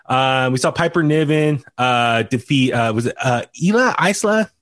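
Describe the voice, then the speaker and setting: A man's voice: mid-range voice, moderate pace, a bit bright, dry recording, clean studio sound. A man hosting a casual podcast recap, talking loosely with lots of fillers and restarts. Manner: chatty, many fillers and restarts. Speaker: podcast host. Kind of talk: casual wrestling recap chat.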